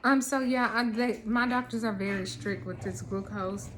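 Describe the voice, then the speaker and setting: A woman's voice: fairly high pitch, normal speed. Thirty-something woman just chatting to her camera at home, laid back, lots of ums, faint hum behind her. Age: 30s. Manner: relaxed, rambling, frequent ums. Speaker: vlogger. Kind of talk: casual chat.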